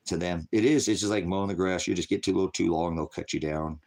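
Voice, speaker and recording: A man's voice: sits low, fast talker, darkish tone. A man hosting a casual livestream, rambling in a conspiratorial way, laughing often and answering viewers in chat. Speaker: livestream host.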